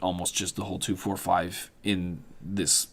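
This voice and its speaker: A man's voice: sits low, fairly even intonation, measured pace. A man, a podcast guest, telling a rambling, profane story in casual chat, often correcting himself as he goes. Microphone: studio mic.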